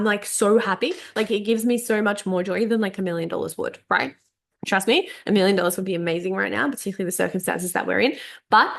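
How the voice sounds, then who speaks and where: A woman's voice: medium pitch, gravelly. A woman energetics coach giving a casual motivational workshop talk, candid and emphatic, swearing freely and repeating words for stress.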